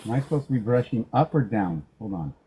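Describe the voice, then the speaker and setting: A middle-aged man grooming a dog, talking to it in a soft, coaxing way and joking with himself as he works. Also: mid-range voice, expressive, fast talker, slightly rough, poor audio. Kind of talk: rambling talk to a dog while grooming.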